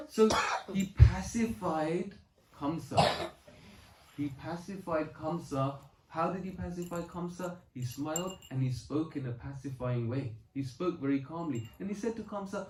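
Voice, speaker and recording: A man with a slightly high voice talks through a scripture story in an earnest, explaining way. He quotes verses and mixes in stories from his own life. The room around him is echoey. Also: a little slow, a little mellow, slight background noise. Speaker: spiritual speaker. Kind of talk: scripture talk with personal stories. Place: home gathering.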